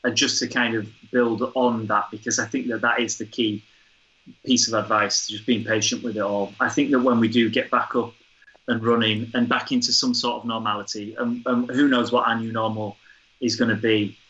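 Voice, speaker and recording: Guy telling a fun theatre story, normal pitch, kinda muffled lo-fi audio. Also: moderate pace. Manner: lively anecdotal storyteller. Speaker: theatre director and guest. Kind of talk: casual chat, storytelling. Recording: dull lo-fi recording.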